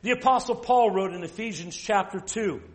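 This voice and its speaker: A man with a high voice preaches with emphasis and directness, reading scripture aloud slowly while asking the audience rhetorical questions.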